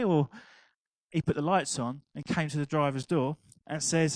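Older guy preaching, kinda high voice, laughs through his story, dry close mic. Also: normal speed, no room sound, poor audio. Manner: animated storytelling, laughing at his own anecdote. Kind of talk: sermon.

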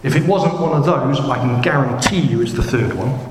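A man in his thirties preaching a sermon, chatty and jokey, with sudden excited rises. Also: mid-range voice, moderate pace, noisy background. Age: 30s. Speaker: pastor. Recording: echoey hall, faint room ambience.

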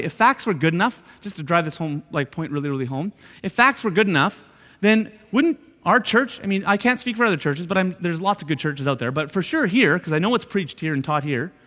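High-voiced preacher in a reverberant hall. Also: male voice, fairly bright tone. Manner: conversational, repeats points with frequent "right?" asides. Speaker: pastor. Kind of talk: sermon.

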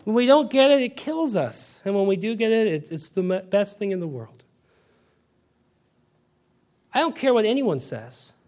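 A male pastor delivering a sermon, telling family stories and building to loud, fervent emphasis, with frequent restarts. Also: high voice, big pitch swings, a little fast. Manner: acts out his daughter's voice in stories.

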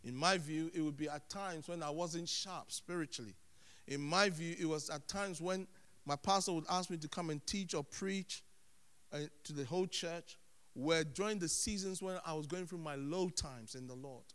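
A man preaching a sermon as a pastor, animated, dropping to hushed tones and then rising loud. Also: fairly high pitch, normal speed. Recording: long hall reverb.

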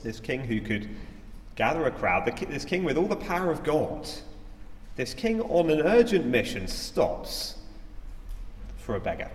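A man's voice: a little high, very animated, a little slow, pauses often. A man giving a sermon as a preacher, in a conversational, reflective way with frequent fillers. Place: church hall. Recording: echoey church hall.

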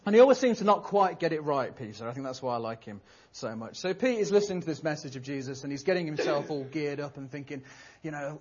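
A man's voice: a little high, expressive, quick pace, husky. A man preaching a sermon in a humorous, conversational storytelling manner. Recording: dull lo-fi recording.

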